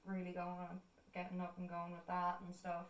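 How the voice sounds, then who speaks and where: A woman's voice: fairly low pitch, completely flat delivery, normal speed, distant mic. A young Irish woman telling stories in casual stream chat, swearing freely and acting out what people said. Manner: chatty storytelling, swears freely, acts out quoted voices. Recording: echoey room, voice a bit off-mic.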